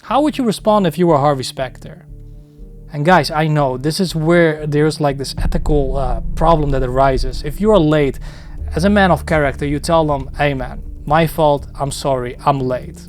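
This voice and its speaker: A man's voice: a little high, normal speed, faint music behind. A man giving explanatory commentary on dialogue clips, coaching viewers and often calling them "guys". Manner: coaching, repeats key phrases, addresses "guys". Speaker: video host, commentator.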